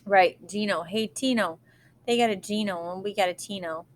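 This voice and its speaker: A woman's voice: medium pitch, normal speed, a little hiss or hum, lightly acted. A woman reading aloud, voicing a cocky, trash-talking teenage boy who is a soccer star, in a boastful, mocking way.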